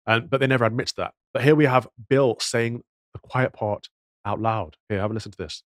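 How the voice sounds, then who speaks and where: A man's voice: mid-range voice, a little fast, dry recording. A man giving indignant, moralizing commentary on news clips, full of rhetorical questions. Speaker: podcast commentator.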